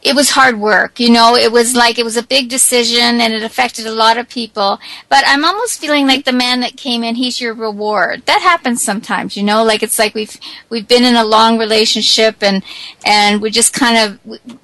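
A woman psychic reader gently giving a caller a reading, stumbling and repeating her words. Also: fairly high pitch, steady tone, moderate pace, dry recording, low-quality recording.

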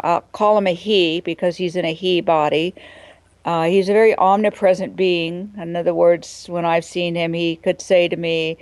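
A woman's voice: fairly low pitch, darkish tone, no room sound, poor audio. Earnest woman telling a spiritual story. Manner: reflective, earnest, slows for emphasis. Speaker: guest, spiritual teacher. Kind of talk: storytelling interview answer.

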